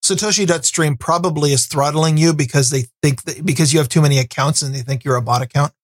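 A man's voice: fairly high pitch, fairly even intonation, quick pace, dry recording. A man co-hosting a casual tech podcast, with dry, teasing, grumpy banter. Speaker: podcast co-host.

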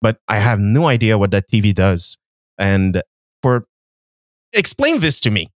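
A man's voice: fairly low pitch, big pitch swings, a little slow, no echo, studio quality. A man with a French Canadian accent, a guest on a casual podcast chat who laughs often and talks in an easily amused way.

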